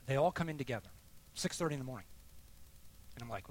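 A middle-aged man tells a personal faith story in the manner of a sermon, his voice sitting at an ordinary pitch. He drops to near-hushed tones at tender moments and rises into loud, emphatic bursts when the story peaks. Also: fairly even intonation, fast talker, slight background noise. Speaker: speaker sharing testimony. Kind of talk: sermon-style personal testimony.

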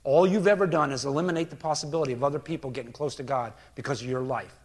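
A man's voice: medium pitch, racing, voice pushed down, natural voice. A male preacher voicing a stern male teacher who rebukes his host bluntly. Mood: rebuking.

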